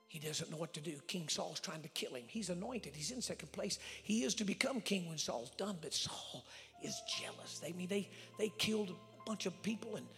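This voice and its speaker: A man preaching a storytelling sermon as a traveling evangelist, swinging between loud shouts and hushed whispers, recorded live in a church. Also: high voice. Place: church sanctuary with reverb. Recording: live church recording with long reverb and faint music.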